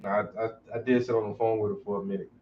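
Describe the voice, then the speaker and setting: A man's voice: on the low side, level tone, very fast. A man telling profane, joking stories casually while he paints. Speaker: painter streaming while working. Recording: distant, dull lo-fi with faint noise.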